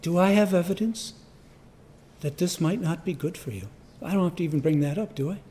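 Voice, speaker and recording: Older male pastor preaching with a mellow voice. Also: sits high, brisk. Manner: storytelling, conversational, acts out voices. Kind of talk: sermon with personal story.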